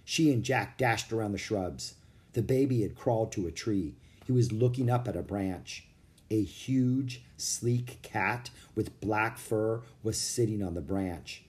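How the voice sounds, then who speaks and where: A man narrating a children's storybook with an expressive reading. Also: on the low side, measured pace.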